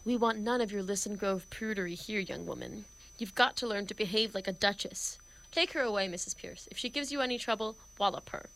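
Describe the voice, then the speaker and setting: A woman's voice: mid-range voice, lively intonation, fairly quick, gravelly, fairly bright tone, slight background noise, rough recording. A woman reading the part of a domineering male professor in an amateur play reading, brusque and theatrical. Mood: bossy.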